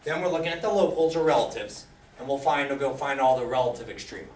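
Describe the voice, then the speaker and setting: A man teaching math in a classroom, lecturing lively and quizzing his students with questions as he goes. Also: medium pitch, quick pace, slight background noise. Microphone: camera far from the speaker. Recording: echoey classroom from far off.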